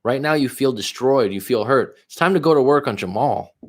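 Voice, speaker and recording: A man's voice: medium pitch, lively intonation, fairly quick. A man coaching viewers on a livestream, reading their comments aloud and answering them bluntly, with frequent swearing. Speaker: relationship coach.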